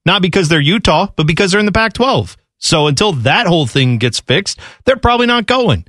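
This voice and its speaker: A radio sports show co-host trades casual banter, rambling, laughing, and often acting out quotes in other voices. His voice is high, animated, brisk, and a bit bright, recorded with no echo.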